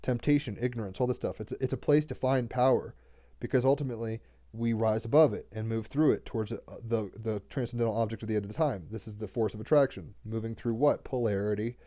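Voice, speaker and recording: A man's voice: fairly low pitch, quick pace, dark tone. A man doing a daily tarot card reading in a loose, rambling way, often restarting words and cursing casually.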